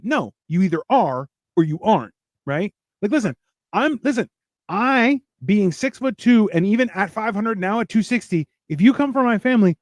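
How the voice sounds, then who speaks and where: A man's voice: high voice, expressive, moderate pace, a little mellow, no echo, studio quality. A man hosting a casual podcast chat, talking bluntly with lots of swearing and emphatic repeats. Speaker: host.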